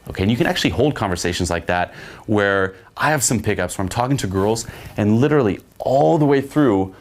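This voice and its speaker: A man's voice: on the low side, lively intonation, a little fast. A man coaching on dating in a casual, profane way, often checking in with "okay?". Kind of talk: instructional monologue.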